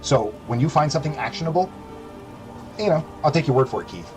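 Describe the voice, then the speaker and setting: A man's voice: on the high side, animated, quick pace, music in the background, low-quality recording. A young adult male streamer delivering a sarcastic, profanity-heavy rant on his livestream.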